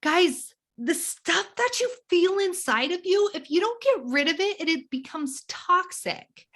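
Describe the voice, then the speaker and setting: A woman guest explaining a tapping method in a conversational, teaching way, animated and acting out examples as she goes. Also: very high voice, unhurried. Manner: animated, acts out examples of inner talk.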